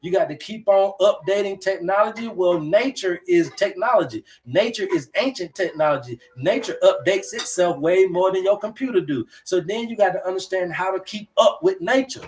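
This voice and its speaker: Male host, higher voice; preachy, repetitive livestream teacher addressing viewers. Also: expressive, normal speed, hardly any pauses. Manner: preachy, repetitive, slangy, talks to chat.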